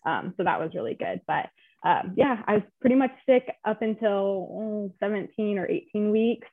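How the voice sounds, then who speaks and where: A woman's voice: medium pitch, moderate pace, vocal fry, no room sound. Young woman chatting through a story, lots of ums, sounds like a phone line. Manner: chatty, emotional, lots of fillers. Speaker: guest. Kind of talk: personal story in a casual interview.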